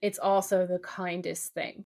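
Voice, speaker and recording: A woman's voice: on the low side, measured pace, gravelly. Chatty woman podcast co-host. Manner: animated, filler-heavy retelling. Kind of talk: casual recap chat.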